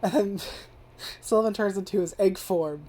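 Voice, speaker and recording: A woman's voice: mid-range voice, normal speed, warm tone, a little hiss or hum. A young woman casually reviewing an anime, rambling and swearing, with lots of "like" fillers. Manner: rambling and profane, heavy use of filler "like".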